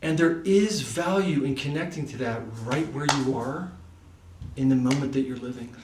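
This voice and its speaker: A man with a mid-range voice and normal speed tells a personal story at a devotional study gathering. He keeps it loose and chatty, leaning on "like" and "you know" a lot, while the mic sits far from him in an echoey room with slight hiss.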